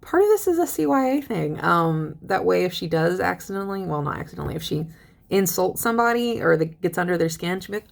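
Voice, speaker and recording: A young woman teaching a literature lesson in a chatty, lively way, reading poems aloud and paraphrasing them. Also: on the low side, brisk, vocal fry. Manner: chatty, animated paraphrasing with laughs. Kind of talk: casual lecture with poem readings.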